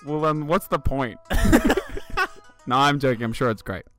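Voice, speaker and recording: A man's voice: mid-range voice, moderate pace, fairly bright tone, faint music behind. A man co-hosting a podcast in casual chat, joking, laughing often and stumbling over reading an email aloud. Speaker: podcast co-host.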